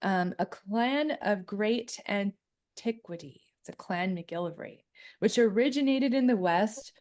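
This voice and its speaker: Her voice is medium in pitch, a little slow, and a little mellow. As co-host of an easygoing discussion about clan history and tracing families, she chats freely and reads aloud from a booklet often.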